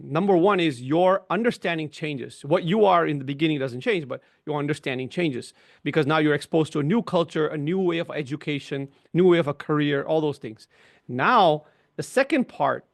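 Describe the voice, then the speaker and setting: A man's voice: a little high, gravelly. Man explaining things on a video call. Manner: explanatory, often adds "right?" and "you know". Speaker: webinar guest. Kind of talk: conversational webinar discussion.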